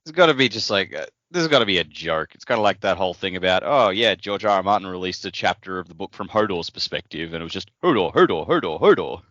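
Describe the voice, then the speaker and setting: A man's voice: low-pitched, fast talker, few pauses, sharp tone, no echo. A man co-hosting a book podcast, making sarcastic quips and swearing casually. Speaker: podcast co-host. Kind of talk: casual book-club chat. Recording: dry, dull lo-fi podcast audio.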